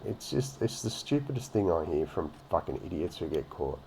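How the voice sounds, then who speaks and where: A man's voice: low voice, sing-song, moderate pace, gravelly, mellow, slight background noise. A man giving a profane, mocking rant as he comments on a video. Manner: ranting and mocking, heavy swearing. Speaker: reaction commentator.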